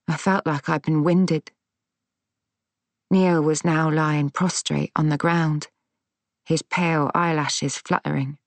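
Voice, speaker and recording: A woman narrating a first-person audiobook in a measured, tense, dramatic way. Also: low voice, steady tone, no echo.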